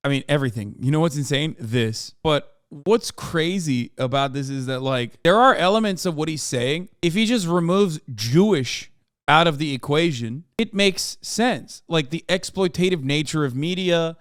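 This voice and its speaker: A man streaming live commentary on a clip, ranting in a profane, incredulous, animated way. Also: a little high, moderate pace, clean tone, dry recording, studio quality.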